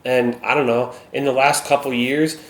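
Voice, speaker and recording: A man's voice: mid-range voice, fairly even intonation, moderate pace. A man from Minnesota with a Minnesotan accent, chatting casually to camera as a vlogger, self-deprecating and peppering his talk with "okay?" asides. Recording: echoey room with faint ambient noise.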